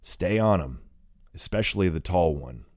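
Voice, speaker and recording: A man with a very deep voice playing a menacing armed man who questions his captives calmly in an audiobook. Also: normal speed, no room sound, clean studio sound. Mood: commanding. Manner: calm, commanding interrogation.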